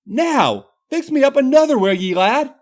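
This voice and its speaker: Rowdy foul-mouthed irish lady wrestler put on by a guy, high and loud. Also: expressive, normal speed. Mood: boisterous. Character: brash crude Irish woman wrestler, hard-drinking.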